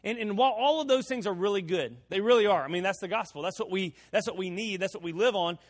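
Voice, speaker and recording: A man preaching a sermon, telling a homespun story with repeated words and slow, drawn-out emphasis. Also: sits high, in a large hall. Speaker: pastor.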